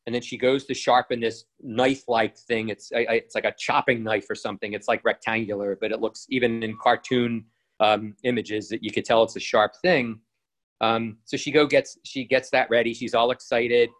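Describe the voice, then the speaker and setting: A man's voice: mid-range voice, steady tone, moderate pace. Rambling man full of ums. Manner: rambling, hesitant, many fillers and restarts. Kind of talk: casual retelling monologue.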